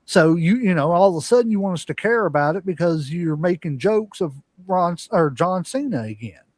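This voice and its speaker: Male podcast host, rambling and opinionated, higher voice, dry recording. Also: animated, moderate pace, a little mellow, dry recording. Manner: rambling, opinionated, many fillers. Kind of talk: casual wrestling commentary.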